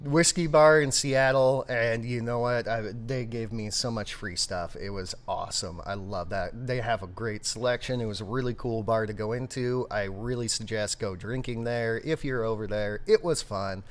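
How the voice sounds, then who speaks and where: A man co-hosting a casual brewery chat, jokey and animated, with loud bursts. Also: fairly low pitch, moderate pace, hardly any pauses. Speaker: brewery podcast co-host.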